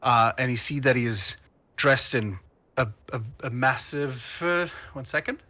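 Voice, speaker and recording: Man, game master, rambling tabletop narration, bright tone, dry close sound. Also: mid-range voice, a little slow, no echo. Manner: rambling, many fillers and restarts.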